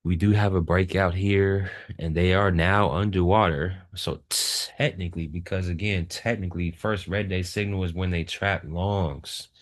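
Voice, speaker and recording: A man's voice: deep voice, steady tone, normal speed, hardly any pauses. A man giving a trading lesson over a screen share, emphatic and repeating his key points. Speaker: trading educator.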